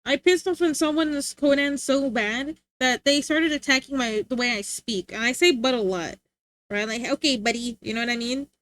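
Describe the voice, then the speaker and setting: A woman's voice: sits high, moderate pace, a bit bright, dry recording. A young woman streamer chatting casually, rambling and laughing often.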